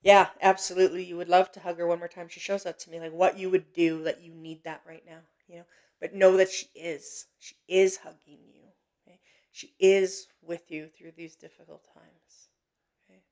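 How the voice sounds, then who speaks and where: A woman hosting a psychic reading stream, gentle and reassuring, with many pauses and fillers. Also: lowish voice, level tone. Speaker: psychic medium host. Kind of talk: live-stream reading, casual chat.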